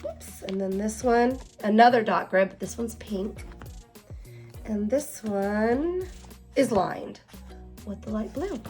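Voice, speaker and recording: A young woman chatting casually as she unboxes planner supplies, gushing and excitable, with lots of fillers and exclamations. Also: mid-range voice, slow, long pauses, faint music behind.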